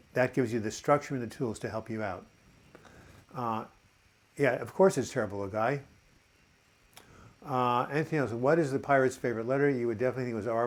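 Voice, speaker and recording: A man in his seventies hosting a live chat, reading viewer comments aloud and answering them in a halting, encouraging way. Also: medium pitch. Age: 70s. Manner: halting, frequent uh and repeated words.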